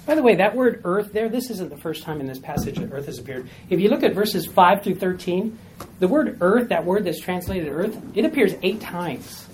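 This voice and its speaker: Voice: mid-range voice, expressive, normal speed, darkish tone. A Bible study teacher talks a small class through a passage one step at a time. The teacher repeats key points for emphasis and keeps checking in with the listeners. A faint hiss sits under the voice. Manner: explains step by step, often checking in with "all right?".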